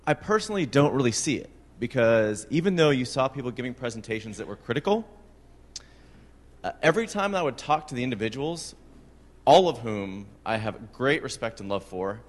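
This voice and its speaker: A man's voice: mid-range voice, expressive, brisk. A man making reflective remarks at a conference open mic, with fillers. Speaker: conference attendee. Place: large conference room. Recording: long hall reverb.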